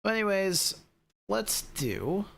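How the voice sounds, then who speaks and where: A man's voice: high-pitched, big pitch swings, takes it slowly, vocal fry, a bit bright. Chatty male sim racing streamer. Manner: rambling, talks straight to chat with lots of fillers. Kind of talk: casual live-stream chat.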